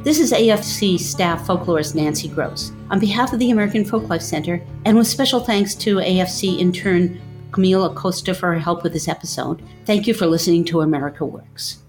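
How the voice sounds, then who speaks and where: A woman folklorist reading a scripted outro for a podcast in a calm, measured voice. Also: on the low side. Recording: guitar music under the voice.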